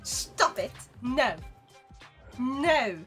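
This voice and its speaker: A woman's voice: sits high, lively intonation, fairly bright tone, faint music behind. A young woman with a Swedish accent, chatting playfully with her viewers while streaming a game. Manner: playful, bantering with chat, quick laughs. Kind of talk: casual gaming stream chat.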